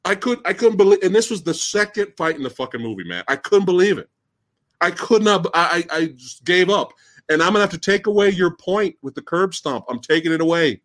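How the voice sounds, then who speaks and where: A man hosting a live-stream movie discussion who rants in an excitable, incredulous, profane way. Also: high voice, fairly quick. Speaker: host.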